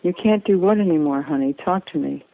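A woman's voice: on the low side, brisk, gravelly. A woman voicing a folksy, fatherly old doctor. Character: older male doctor, folksy, soothing, fatherly. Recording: tinny phone-like dry sound.

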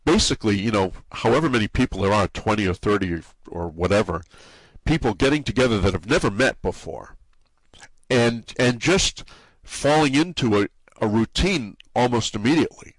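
A man with a New England drawl talks casually in an interview, tripping over his words and repeating himself as he goes. His voice sits a little low and is recorded dry and close to the mic, with no room sound. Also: animated, dry recording. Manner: halting, many restarts and repeated words. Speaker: forum site owner being interviewed.

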